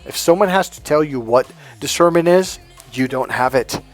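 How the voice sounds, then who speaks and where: A man giving a casual spiritual monologue as a coach, animated and self-assured, often laughing at his own points. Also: a little high, moderate pace, soft background music.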